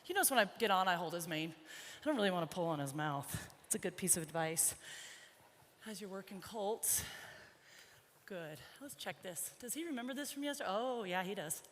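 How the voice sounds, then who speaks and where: A woman horse trainer with a mid-range, animated voice talks fairly quickly on a wireless body mic, slightly out of breath as she rides. In an indoor arena at a horse expo, she chats with her colt and the crowd during a live clinic demonstration, and the sound is roomy.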